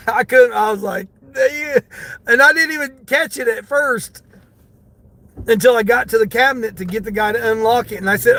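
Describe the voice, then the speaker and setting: A man's voice: extremely high pitch, moderate pace, pushed and bright, slight background noise. A middle-aged man, a delivery driver, telling a story to his viewers from his car, laughing often and talking to them by name. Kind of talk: casual storytelling while driving.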